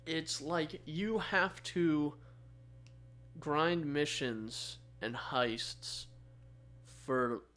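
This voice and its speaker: A man's voice: on the high side, drawn-out words, bright, forceful tone. A young man co-hosting a casual podcast, talking in a thoughtful, easygoing way and laughing easily. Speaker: podcast co-host. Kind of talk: casual chat.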